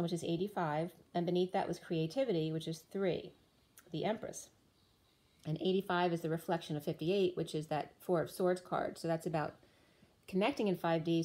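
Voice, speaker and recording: A woman's voice: lowish voice, a little mellow. A woman giving a spiritual tarot reading, drifting through loose, dreamy associations, her voice starting to give out. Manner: dreamy, free-associating, rhyming asides. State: losing her voice. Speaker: tarot reader.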